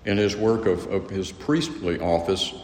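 Deep-voiced man lecturing in an echoey hall. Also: a little mellow. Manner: measured, earnest, with frequent restarts. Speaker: teacher. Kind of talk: theology lecture. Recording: echoey hall, faint room noise.

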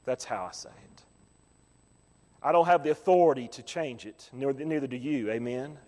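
A man preaching a sermon as pastor, swinging from quiet, low asides to loud, rising calls. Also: normal speed, big-room sound.

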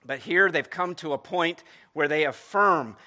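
Male pastor, bright and slightly high voice, conversational sermon delivery. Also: a little slow. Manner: conversational preaching, many restarts and "right?" asides.

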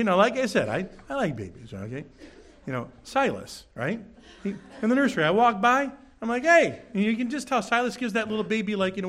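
Lively, animated male preacher. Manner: animated, jokey storytelling with sudden high bursts. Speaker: pastor. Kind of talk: sermon.

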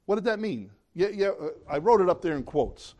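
Conversational male preacher, fairly high voice. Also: sing-song, a little fast, darkish tone. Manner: conversational, asks the audience questions. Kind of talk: sermon.

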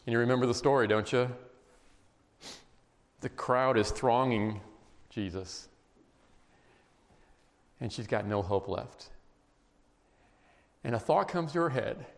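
A man preaching a sermon, emphatic and emotional, dropping to quiet intense passages. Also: mid-range voice, takes it slowly, vocal fry, pauses often. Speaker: pastor. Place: church sanctuary. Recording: long reverb of a large hall.

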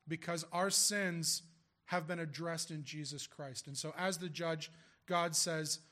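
Reading from scripture and then posing rhetorical questions to his listeners, a male pastor preaches conversationally. His voice is fairly high, with a sharp tone.

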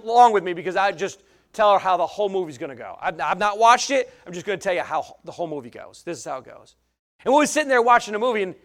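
A middle-aged man, a pastor, preaching a sermon in a folksy, plain-spoken way that swings from shouts to quiet asides. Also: high voice.

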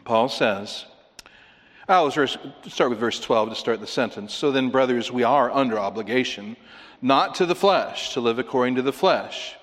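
A man preaching a sermon in an earnest manner, slowing down to read scripture and rising to emphatic stresses. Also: mid-range voice, expressive, fairly bright tone, long reverb tail.

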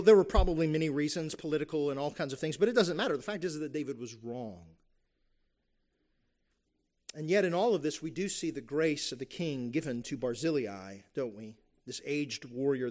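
A man's voice: medium pitch, darkish tone. A man preaching a sermon, earnest and emphatic, asking his listeners rhetorical questions and briefly acting out what people say.

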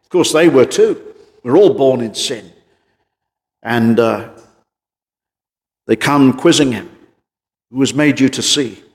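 A man preaching an evening sermon as pastor, emphatic, with drops into a quiet voice. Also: mid-range voice, slow pace, pauses often. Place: church. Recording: church hall reverb.

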